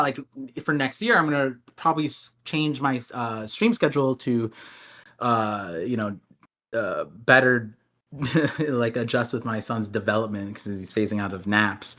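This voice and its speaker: A man's voice: medium pitch, bright, forceful tone. A man in his thirties co-hosting a podcast, rambling and joking with frequent laughter. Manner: laughing, rambling, quick jokey asides. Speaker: podcast co-host. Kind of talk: casual chat.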